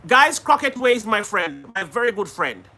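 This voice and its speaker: Lively high-voiced Jamaican-born man hosting. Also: normal speed. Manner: lively, laughs often, greets viewers by name. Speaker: live stream host. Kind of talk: casual live stream chat with viewers.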